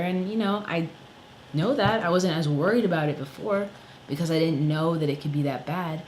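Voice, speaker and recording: The audio is poor, with slight background noise, as a songwriter delivers an angry, expletive-heavy vlog rant at normal speed. His voice runs on the high side, and he keeps falling back on "you know" and "like."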